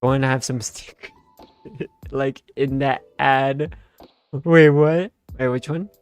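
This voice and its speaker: A man's voice: mid-range voice, fairly even intonation, slow, clear, resonant tone. A tired young man streaming his reaction to a game story, rambling sarcastically in slang with plenty of fillers. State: tired, half asleep. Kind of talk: casual rambling commentary.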